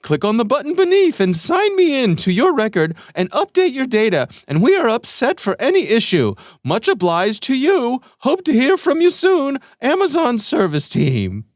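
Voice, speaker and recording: A shrill, overwrought scam-email writer squeals each clumsy phrase far above a normal speaking voice, as a man reads it out in a crazy put-on voice. Every word is pushed hard and loud, in a dry, close sound. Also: wildly swooping pitch, normal speed, few pauses, dry recording, exaggerated voice. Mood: mock dramatic. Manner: shrill, overemphatic mock reading.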